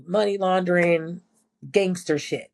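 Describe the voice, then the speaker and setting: A woman's voice: fairly low pitch, fairly even intonation, measured pace. Blunt, profane woman telling prison stories. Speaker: former prison nurse, guest. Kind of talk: casual interview storytelling.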